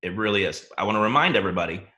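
A man's voice: fairly low pitch, expressive, very fast, sharp tone. Emphatic man leading a coach training. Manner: emphatic, asks the audience questions. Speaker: team leader hosting a coach training. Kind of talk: motivational training talk.

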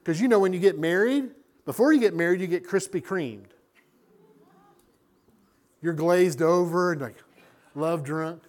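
A man preaching a sermon as a pastor, animated and acting out little scenes. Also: sits high, unhurried, pauses often.

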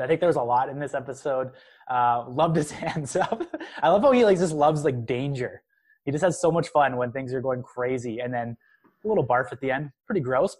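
A man's voice: on the high side, darkish tone. A man co-hosting a casual podcast chat, enthusiastic and heavy on fillers, laughing often. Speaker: podcast co-host.

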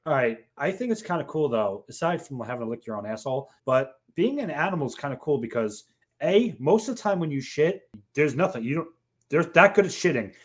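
A man's voice: a little high, sing-song, fairly quick, husky. A man co-hosting a podcast in casual, rambling banter, laughing often. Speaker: podcast co-host. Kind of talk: casual chat.

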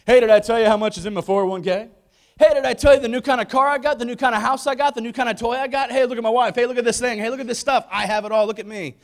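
Boastful rich show-off, high and fast; a man doing the voice. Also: steady tone. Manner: quick bragging repeated "hey" lines. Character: boastful rich man bragging about wealth.

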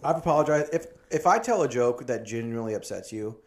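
A man in casual podcast chat, a stand-up comic trading stories. His pitch sits in the middle, and he talks loosely, swearing freely and slipping into quoted voices of other people. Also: animated, quick pace, a little mellow. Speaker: podcast host and comedian.

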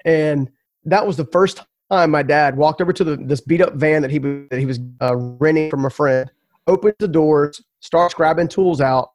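A man's voice: fairly high pitch, moderate pace, darkish tone, dry recording. A man telling his story as a podcast guest, earnest and emphatic, often repeating words.

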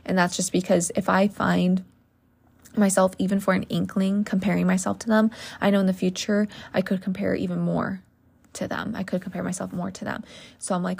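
A young woman hosts a casual solo podcast, chatting earnestly about her work as an esthetician. Her voice has a gravelly, vocal-fry edge at a middle pitch. She talks in loose, heartfelt sentences full of ums and likes. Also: level tone, brisk, darkish tone.

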